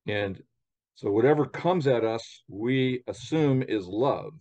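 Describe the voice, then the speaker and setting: A man co-hosting a podcast, speaking reflectively with many pauses and fillers as he sets up a question. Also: mid-range voice, lively intonation, a little mellow, dull audio. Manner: thoughtful, slow, with frequent fillers. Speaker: podcast co-host. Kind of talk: reflective conversational talk.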